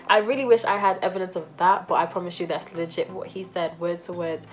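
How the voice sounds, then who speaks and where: A young woman telling a storytime vlog, animated and acting out quotes in different voices. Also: on the low side, fast, hardly any pauses, faint music behind. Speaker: vlogger.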